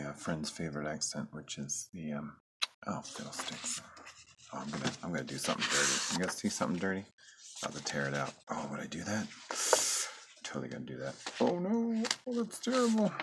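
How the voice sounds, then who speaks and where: A man's voice: extremely low pitch, very noisy. A man chatting casually as he draws, rambling and musing to himself with joking, self-deprecating asides. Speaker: artist drawing on camera. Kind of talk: casual drawing commentary.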